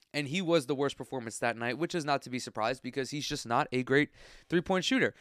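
A man's voice: mid-range voice, a bit bright, clear, resonant tone, no room sound, studio quality. A congested man hosting a solo sports podcast, ranting bluntly and profanely in casual talk. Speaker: podcast host.

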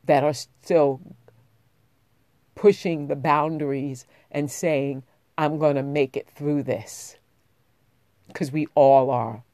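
A woman's voice: low voice, fairly even intonation, slow, pauses often, dark tone, no room sound, clean studio sound. A woman vlogging, telling a personal story in a heartfelt, rambling way with many restarts, getting emotional as she talks.

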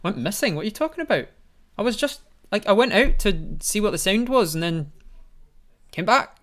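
A man's voice: sits high, big pitch swings, moderate pace, a bit bright, pitched above the performer's own voice. A man voicing a confused, panicking adventurer who stammers and fires off questions. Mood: bewildered. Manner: frantic, stammering, repeated questions.

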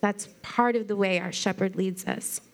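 A woman's voice: mid-range voice, fairly even intonation, normal speed. A woman pastor giving a conversational sermon, telling stories in an earnest, chatty way.

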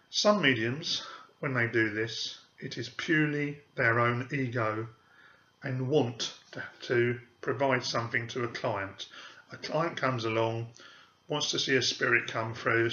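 A man hosts a podcast as a psychic medium, speaking emphatically and with open scorn for frauds. His voice is bright and forceful. The recording is roomy and a little muffled. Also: medium pitch. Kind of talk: podcast monologue. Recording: echoey room, dull audio.

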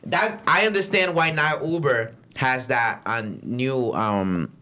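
A young man telling a story in a casual, profane chat, swinging into loud acted-out quotes. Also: mid-range voice, lively intonation, slow. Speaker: podcast co-host and rideshare driver.

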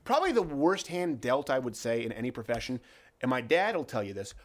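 A man hosting a comedic political talk show, animated and jokey, slipping into mock voices. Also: mid-range voice, a little fast. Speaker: host.

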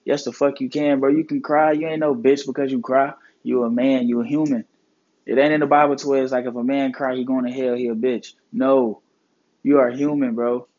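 A man's voice: medium pitch, a little mellow. Man giving earnest motivational talk, lo-fi. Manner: earnest, preachy, heavy swearing and slang. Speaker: podcast host.

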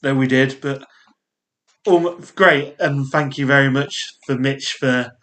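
A man's voice: mid-range voice, steady tone, slow, a bit bright. A man with a Yorkshire accent co-hosting a podcast in casual chat. He laughs often and talks in rambling asides. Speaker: podcast co-host.

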